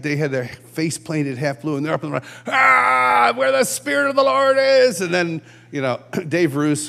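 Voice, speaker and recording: A man giving a conversational sermon at a conference, telling stories and acting out shouted quotes. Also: mid-range voice. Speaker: conference speaker. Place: large church hall.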